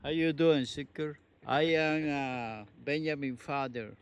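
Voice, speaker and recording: A man's voice: on the high side, unhurried, clean tone, lo-fi sound. A man with a Spanish accent, speaking Spanish as his first language, chatting in friendly broken English with his son outdoors by a truck. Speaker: host's father.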